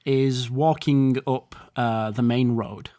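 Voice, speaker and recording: A man's voice: mid-range voice, steady tone, slow, dark tone. A man narrating as game master, rambling and descriptive with fillers.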